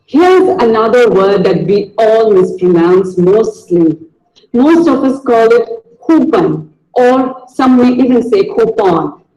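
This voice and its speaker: A high-pitched man gives a video lesson on pronunciation, speaking slowly and carefully. He repeats each word as a drill, and his voice rings in an echoey room. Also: animated, warm tone, lo-fi sound. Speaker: pronunciation teacher.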